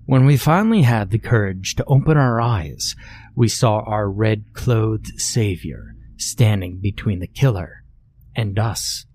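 Male horror storyteller, husky and slow, deadpan delivery. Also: lowish voice, no room sound. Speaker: narrator.

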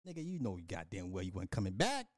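A man's voice: low-pitched, wildly swooping pitch, fast, dry recording, studio quality. A man hosting a casual livestream, ranting profanely and animatedly, laughing and talking to his chat. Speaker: livestream host.

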